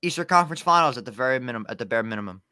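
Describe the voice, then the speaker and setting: A man's voice: medium pitch, lively intonation, racing, pushed and bright, clear, resonant tone, dry recording, studio quality. A man appearing as a guest sports content creator on a video call, cocky and brutally frank in casual chat. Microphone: webcam on a video call.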